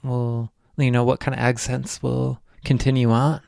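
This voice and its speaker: A man co-hosting a podcast in casual chat, halting and hesitant, with gentle laughs. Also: medium pitch, little pitch movement, vocal fry, dry recording, clean studio sound. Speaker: podcast co-host.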